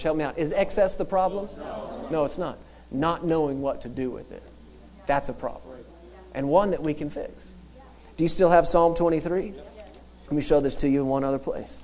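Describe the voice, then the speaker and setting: Male preacher, emphatic, repetitive, building to shouts, church sermon. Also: on the high side.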